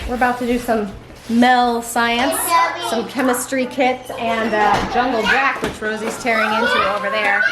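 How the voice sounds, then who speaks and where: A woman's voice: on the high side, little pitch movement, unhurried, over loud music. A woman vlogger and homeschooling mom, talking in a chatty, upbeat way with a sponsor read. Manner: chatty, upbeat, many fillers. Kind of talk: casual vlog with sponsor read.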